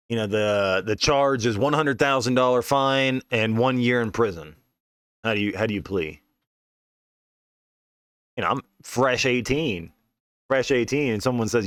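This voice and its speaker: A man's voice: mid-range voice, normal speed, a bit bright, no echo, studio quality. A man telling a story in a casual, rambling, profane way, often saying "you know what I mean". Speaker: podcast host.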